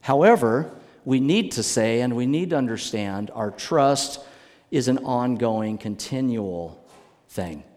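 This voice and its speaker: A man preaches from the pulpit, taking his time and leaning hard on key words. His voice sits at an ordinary middle pitch. A long reverb from a large church hall trails after each phrase. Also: expressive, darkish tone. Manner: slow, emphatic preaching with rising and falling emphasis. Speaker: pastor. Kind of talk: sermon.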